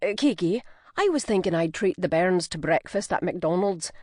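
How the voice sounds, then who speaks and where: A woman narrator voicing a tough, brisk Scottish nanny in her forties, with a put-on Scottish accent, in an audiobook. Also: lowish voice, lively intonation, darkish tone, dry recording, clean studio sound.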